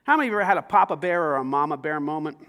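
High-voiced man preaching a sermon. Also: lively intonation, rapid-fire. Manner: conversational preaching with rhetorical questions, building to shouts. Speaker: pastor. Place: church.

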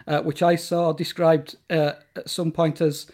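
A man's voice: fairly high pitch, flat delivery, unhurried, darkish tone. A man talking as a guest in a casual interview about horror films, enthusiastic and rambling, with plenty of fillers and restarts.

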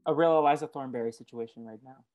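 A man co-hosting a podcast in casual chat, wry and blunt, quick to swear. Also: medium pitch, a little mellow. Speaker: podcast co-host.

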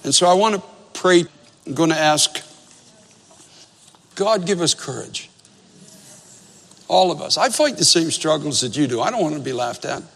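A man's voice: fairly high pitch, animated, normal speed, creaky, long pauses, fairly bright tone, long reverb tail. A male pastor in his fifties telling a story in a sermon, conversational and self-deprecating, repeating phrases for emphasis.

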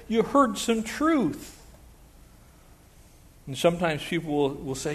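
A pastor preaching a sermon in an animated way, slipping into quoted voices and playful asides. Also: male voice, sits high, normal speed.

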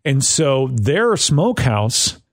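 A man from the northern United States co-hosting a podcast, telling animated, self-mocking stories in casual chat and laughing often. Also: mid-range voice, slow. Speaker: podcast co-host.

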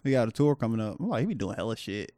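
A man's voice: on the low side, big pitch swings, rapid-fire, warm tone, no echo, clean studio sound. A man co-hosting a casual podcast chat, joking, needling and often laughing. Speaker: podcast co-host.

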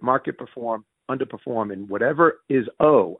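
A middle-aged man with a Northeastern US Yankee accent, telling business stories in an interview with fast, excitable restarts and acted-out dialogue. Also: creaky, breathy edge, dry recording. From Northeastern United States. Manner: fast, excitable, restarts sentences, acts out quoted dialogue with big pitch jumps. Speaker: interviewee, former mayor and finance executive. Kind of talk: animated storytelling in conversation. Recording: tinny, phone-like dry sound.

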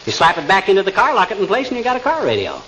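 An actor playing a boastful, blustering middle-aged male inventor, talking fast, in a 1940s radio comedy. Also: sits high, huge pitch swings, fairly bright tone, heavily acted. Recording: hissy noisy 1940s radio broadcast.

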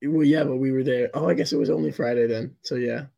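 A hoarse young man co-hosting a casual sports podcast, rambling and laughing often. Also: mid-range voice, fairly even intonation, quick pace, muffled recording, a loud crowd. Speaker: podcast co-host.

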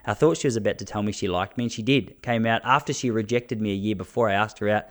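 Fast and on the low side, the voice belongs to an Australian comedian and podcast host in his thirties, who tells stories in a casual, animated, chatty monologue full of restarts.

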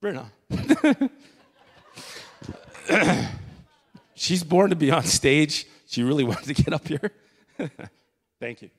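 A man's voice: fairly high pitch, very animated, husky. Earnest man speaking in an echoing hall. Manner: earnest, halting, with many fillers and restarts. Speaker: church member giving testimony. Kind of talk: emotional spoken testimony. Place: church stage. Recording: long reverb of a large hall.

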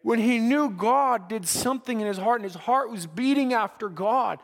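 A man's voice: very high-pitched, normal speed, big-room sound. A man preaching a sermon to young people, earnest, often repeating words as he builds a point. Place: church.

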